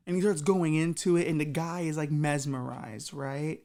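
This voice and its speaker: A woman's voice: low voice, normal speed, hardly any pauses, mellow. A woman hosting a comedy podcast, telling a crude improvised story in a rambling way. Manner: rambling, filler-heavy, crude.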